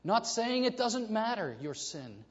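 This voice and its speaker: A man preaching a sermon to his congregation, telling a story with animated delivery and acting out the voices in it. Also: high-pitched, a little slow. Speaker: pastor. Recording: reverberant hall, dull lo-fi sound.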